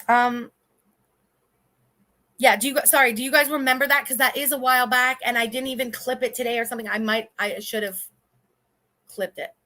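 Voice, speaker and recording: This woman in her thirties, hosting a livestream, speaks briskly on the high side with fairly even intonation, leaving long pauses, and her tone is sharp. Her casual talk is blunt, profane and indignant, full of rambling restarts.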